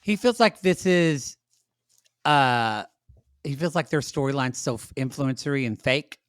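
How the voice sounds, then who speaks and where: A man's voice: medium pitch, lively intonation, unhurried, fairly bright tone, no room sound, studio quality. A man guest on a podcast, chatting casually about reality TV in an opinionated, joking way. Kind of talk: casual chat.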